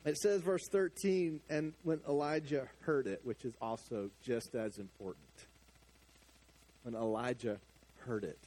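A middle-aged man preaching a sermon, animated, swinging from hushed asides to loud emphatic lines. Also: medium pitch, measured pace. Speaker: pastor.

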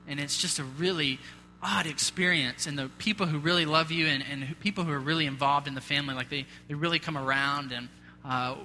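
High, very bright-voiced preaching man. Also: slight background noise. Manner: casual, chatty, self-deprecating asides. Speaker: pastor. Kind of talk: conversational sermon. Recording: long reverb of a large hall.

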